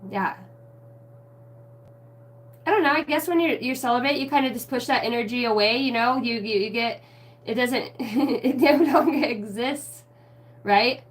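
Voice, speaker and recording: A woman with a high voice talks slowly in a loose, rambling way on a spiritual livestream. She giggles often and drifts into humming snatches of old songs between her thoughts. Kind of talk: casual livestream channeling.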